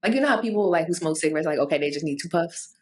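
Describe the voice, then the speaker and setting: Woman co-host, casual chat, blunt, swears, pitch swings widely. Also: rapid-fire. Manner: animated, acts out quoted reactions in varied voices. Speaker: podcast co-host.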